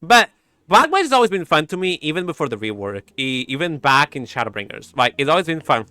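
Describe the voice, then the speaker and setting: Bright, high, lively-voiced giggly man. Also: brisk, clear, resonant tone, no echo, clean studio sound, soft background music. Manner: animated, giggly, makes sound effects. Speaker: streamer. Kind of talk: casual chat.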